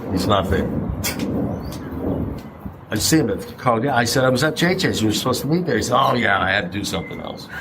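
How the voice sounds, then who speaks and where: A man's voice: mid-range voice, lively intonation, brisk, long pauses, noisy background. A middle-aged man speaking at a recovery meeting, blunt and conversational, throwing out rhetorical questions and the odd curse. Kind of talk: personal share at a recovery meeting.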